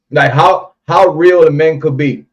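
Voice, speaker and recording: A man hosting a casual livestream, reading viewer comments and ranting about other content creators. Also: on the high side. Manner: talks straight to chat, reads comments, ranting. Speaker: livestream host. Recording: dull lo-fi stream audio.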